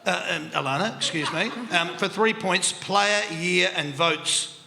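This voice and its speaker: A man's voice: high voice, unhurried, creaky, pushed and bright. An Australian man hosting a live quiz segment on a panel show, upbeat and chatty, laughing often. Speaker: quiz host. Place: country club function room. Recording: reverberant hall with crowd noise.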